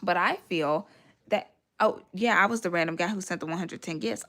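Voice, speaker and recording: A woman's voice: on the low side, moderate pace, gravelly, fairly bright tone. A woman hosting a casual livestream from home, telling a long story and thanking viewers for gifts along the way. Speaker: livestream host. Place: home, near a radiator.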